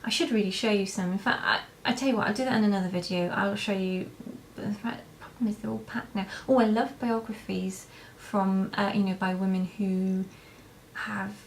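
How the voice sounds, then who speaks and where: Here a young woman vlogger, medium-pitched and steady in tone, talks at a normal pace while answering viewer questions. It's a casual, meandering chat to camera with many hesitations and restarts, and slight background noise.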